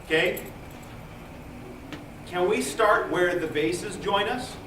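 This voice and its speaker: A man's voice: sits high, slow pace, recorded from a distance, background noise. A man directing a choir rehearsal, counting in beats and coaching with jokey asides. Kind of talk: rehearsal instruction. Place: large rehearsal room. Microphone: distant room mic. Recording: echoey room recorded from afar with choir. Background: choir singing.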